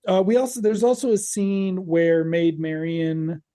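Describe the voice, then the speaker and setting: Wry man podcast co-host, mellow voice. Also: sits high, little pitch movement, a little slow. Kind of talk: casual chat recapping a show.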